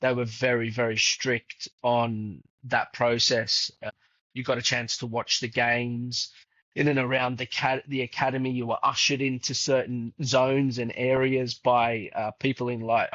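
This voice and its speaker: A man's voice: mid-range voice, flat delivery, unhurried, a bit bright, no echo. Chatty middle-aged man, dull dry sound. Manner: chatty, many fillers, acts out quoted dialogue. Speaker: podcast guest, footballer's father. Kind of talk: casual conversational storytelling.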